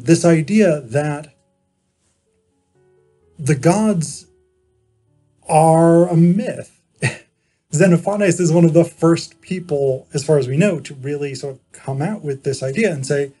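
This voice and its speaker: A man giving an informal philosophy lecture. He explains in a measured way, pausing often and correcting himself as he goes. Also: a little high, warm tone, slightly rough, soft background music. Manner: measured explaining, frequent pauses and self-corrections.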